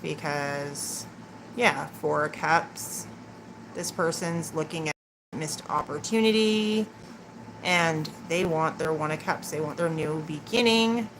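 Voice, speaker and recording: This woman gives a tarot reading over a live stream, taking her time in a low-pitched voice as she jokes around with viewers and laughs a lot. Background noise can be clearly heard.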